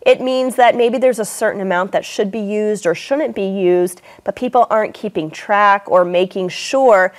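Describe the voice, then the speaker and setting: A woman hosting an English lesson, reading passages aloud and explaining them in a clear, measured way. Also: mid-range voice.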